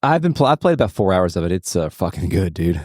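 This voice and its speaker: A man's voice: sits low, sing-song, fast talker, darkish tone, no echo, studio quality. A man co-hosting a podcast, chatting casually while playing a game, rambling and swearing. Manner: rambling, swearing, trails off and restarts. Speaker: podcast co-host.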